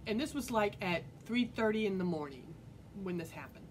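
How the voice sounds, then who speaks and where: A woman talks straight to her viewers, telling a personal story in a casual, earnest way. She rambles and restarts, with lots of fillers. A faint low rumble sits behind her voice. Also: lively intonation, moderate pace, poor audio. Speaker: vlogger.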